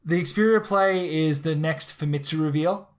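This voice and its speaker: An Australian man with a voice pitched a little higher than most men. He co-hosts a casual podcast chat, talking quickly and eagerly and often restarting his sentences as his thoughts run ahead. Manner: quick, excitable, with many restarts. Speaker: podcast co-host.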